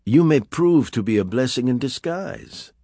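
A man's voice: medium pitch, animated, measured pace, mellow, no echo, studio quality, voice pushed up. A man reading an audiobook, voicing a suave, threatening male villain who gives orders in a raised, clipped voice. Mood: menacing. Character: smooth menacing male villain, commanding.

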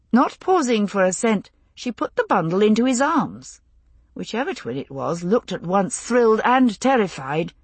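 A woman reading an audiobook in an even, intimate storytelling manner, voicing the characters herself. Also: medium pitch, husky, no room sound. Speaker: audiobook narrator. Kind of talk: scripted narration.

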